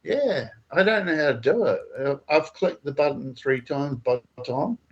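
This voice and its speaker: A man's voice: a little high, lively intonation, moderate pace, slightly rough, muffled recording. A man hosting a call-in livestream, sarcastic and profane in mock-serious banter. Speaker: livestream host. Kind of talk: casual call-in stream banter.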